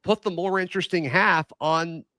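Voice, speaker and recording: A man's voice: on the high side, moderate pace, pushed and bright, no room sound. A man co-hosting a casual sports talk show, teasing his partner in a playful way. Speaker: co-host.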